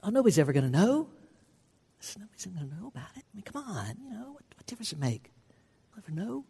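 Sly hushed male tempter, coaxing and quick, put on by a preacher, higher-pitched, long reverb tail. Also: sing-song, slightly rough, heavily acted. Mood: coaxing whisper.

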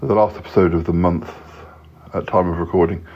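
A man's voice: sits low, steady tone, fairly quick, slightly rough. A man hosting a podcast, chatting casually and hesitantly from a hotel room. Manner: rambling, hesitant, with many ums. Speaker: podcast host. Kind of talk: casual solo chat. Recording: dull lo-fi sound.

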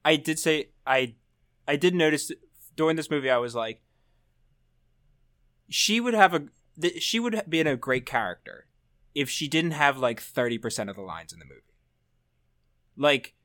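A man's voice: fairly high pitch, animated, normal speed, fairly bright tone, no echo, clean studio sound. A man co-hosting a casual podcast, joking about a movie and breaking into mock voices. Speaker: podcast co-host.

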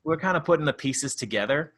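A man's voice: on the high side, expressive, fast, fairly bright tone. A man co-hosting a podcast in casual chat, telling rambling stories with frequent laughs and swearing. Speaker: podcast co-host.

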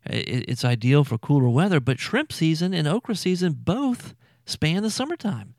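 A man's voice: fairly high pitch, very animated, normal speed, a little mellow, dry recording, studio quality. A man hosting a food podcast, chatting casually with frequent fillers and repeated words. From Louisiana. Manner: chatty, repeats himself, lots of fillers and stammers.

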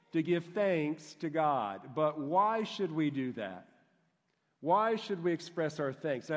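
A man with a notably high voice delivers a sermon, pressing his points through rhythmic, repeated phrases. His words ring out with a long reverb, as if spoken in a large hall. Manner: emphatic preaching with repeated phrases. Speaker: pastor.

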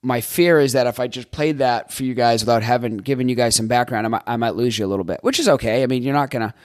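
A man's voice: mid-range voice, quick pace, no echo, studio quality. A man hosting his own podcast as a life coach, talking in a casual, rambling monologue with jokes, swearing and frequent restarts.

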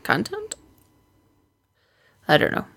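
A woman co-hosting a podcast tells a story in casual chat, animatedly acting out the voices of the people in it. She speaks slowly, with a little hiss or hum on the recording.

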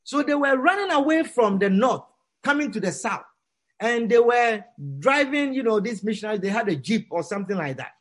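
High, animated male preacher telling a story. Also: brisk. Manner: dramatic, swings from hushed to near-shouting; acts out quoted characters. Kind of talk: sermon storytelling to a congregation.

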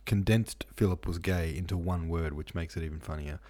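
A man's voice: low-pitched, fairly quick, warm tone. A man hosting a book podcast, reading listener notes and chatting through them in a musing way, with plenty of ums and asides. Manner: reads listener comments and reference passages aloud. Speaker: podcast host. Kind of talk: casual book-club podcast discussion.

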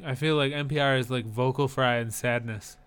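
A man's voice: medium pitch, fairly even intonation, fairly quick, fairly bright tone, clear, resonant tone. A man co-hosting a podcast in casual chat, with dry, wry humor. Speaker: podcast co-host.

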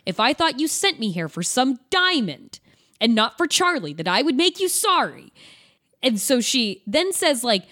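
A woman's voice: high voice, normal speed. A woman co-hosting a podcast, casually recapping a movie with sarcastic, profane asides. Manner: animated, profane, sarcastic retelling. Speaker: podcast co-host. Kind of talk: casual chat recapping a film.

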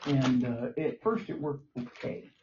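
A man's voice: mid-range voice, lively intonation, measured pace. Rambling breathless older man patient. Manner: rambling, plain-spoken, swears freely. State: short of breath. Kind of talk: casual conversation. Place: hospital room. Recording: dull lo-fi recording with faint noise.

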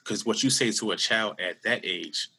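Man, thirties, low-ish husky voice, earnest, halting, candid storytelling. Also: pushed and bright. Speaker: guest; school security worker. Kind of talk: personal story in a podcast interview.

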